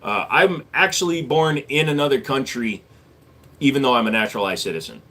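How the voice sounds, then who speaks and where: A man's voice: medium pitch, animated, a little fast, pushed and bright. A man in his forties, born in Korea, hosting a casual live stream and answering chat questions in a blunt, sarcastic way. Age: 40s. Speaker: livestream host.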